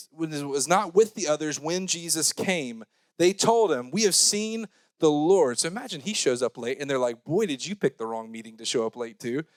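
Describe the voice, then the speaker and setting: A young man giving a youth sermon, joking and talking casually, switching between loud scripture reading and quiet mumbled asides. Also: mid-range voice, no echo. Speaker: youth pastor.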